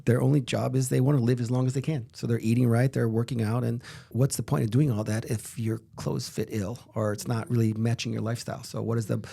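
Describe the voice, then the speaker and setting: A man's voice: mid-range voice, little pitch movement, quick pace, vocal fry, few pauses, dark tone. A middle-aged man from Miami, co-founder of a fashion brand, talking energetically in a casual interview with many restarts. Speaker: fashion brand co-founder and head of product development.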